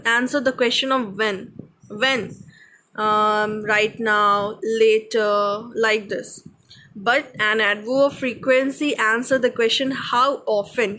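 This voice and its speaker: A woman's voice: sits high, fairly bright tone, a little hiss or hum, poor audio. A woman teacher with an Indian English accent giving a grammar lesson, explaining patiently and checking with "okay?" after each point.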